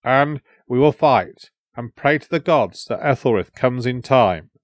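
A man's voice: medium pitch, animated, unhurried, no room sound, studio quality, natural voice. Ethelric, a vague hesitant prince, read by a man. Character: indecisive young male prince, vague and hesitant.

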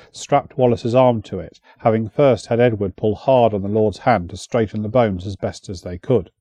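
Man narrating an audiobook, dark tone. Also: lowish voice, no echo. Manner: steady, measured storytelling.

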